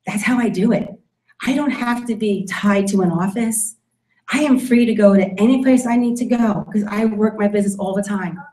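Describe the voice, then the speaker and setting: This network marketing presenter has a mellow, medium-pitched voice and talks at a normal pace. Addressing a roomful of people in a meeting room, she makes a forceful sales presentation, returning again and again to her key points, and the room audibly echoes.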